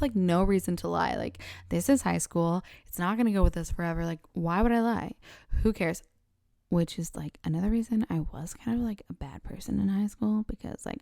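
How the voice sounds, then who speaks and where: A woman's voice: on the low side, no echo, studio quality. A young woman hosting a solo podcast, talking candidly in a Valley Girl manner with lots of "like", keeping her voice down late at night at home. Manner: Valley Girl speech, many "like" fillers, candid and blunt; kept hushed late at night so her family can sleep. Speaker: podcast host. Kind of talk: casual solo podcast chat.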